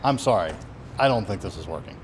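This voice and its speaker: A man's voice: on the low side, lively intonation, fast talker, slight background noise. Weary, exasperated man in a comedy sketch.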